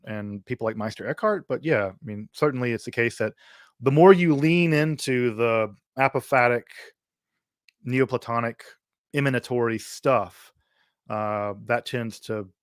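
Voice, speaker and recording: A man's voice: fairly low pitch, no echo, studio quality. A man from Mississippi hosts a livestream Q&A, speaking thoughtfully with many fillers and restarts. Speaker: host answering viewer questions.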